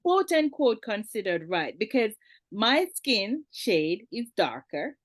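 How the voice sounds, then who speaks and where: A woman speaking as a guest in a candid conversation, reflective and measured, with wry laughter. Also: medium pitch, sing-song, no room sound.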